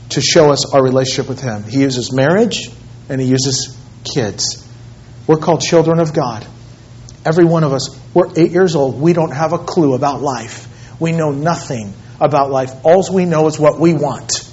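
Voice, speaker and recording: A pastor in his thirties preaching a sermon, swinging between loud, emphatic pleading and low, hushed tones. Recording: muffled lo-fi sermon recording.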